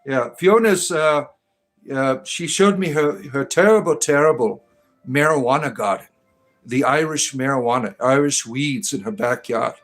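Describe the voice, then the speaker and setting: A middle-aged man hosting a casual livestream, rambling and halting with many fillers and restarts. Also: mid-range voice, rough recording. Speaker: livestream host.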